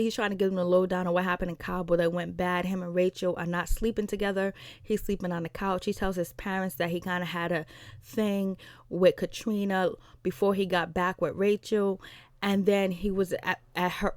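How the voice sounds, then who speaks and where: A woman's voice: fairly low pitch, fairly even intonation, fairly quick, a little mellow, no echo, clean studio sound. A woman vlogger casually retelling a TV episode, acting out quotes from the cast and laughing as she goes. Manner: chatty, retells scenes with quoted voices, laughs. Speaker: TV recap vlogger.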